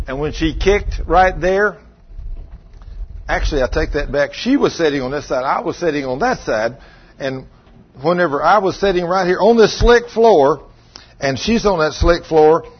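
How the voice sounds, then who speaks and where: A middle-aged pastor tells a story from the pulpit, acting out the scene with bursts of shouted commands. His voice sits fairly high and sounds husky. The recording is dull and lo-fi. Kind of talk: sermon storytelling.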